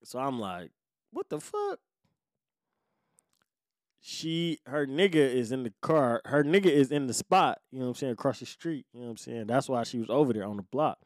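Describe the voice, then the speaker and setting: A man hosting his own show, telling a story from his life in casual, profane street slang and swinging from low muttering to loud outbursts. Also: brisk, hardly any pauses, no echo, clean studio sound. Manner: profane street slang, acts out quoted voices.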